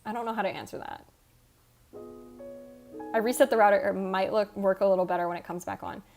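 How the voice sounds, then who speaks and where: Rambly, casual woman streamer. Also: fairly high pitch. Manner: rambling, self-interrupting and swearing casually. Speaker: livestreamer. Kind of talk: casual chat reading out viewer comments. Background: faint background music.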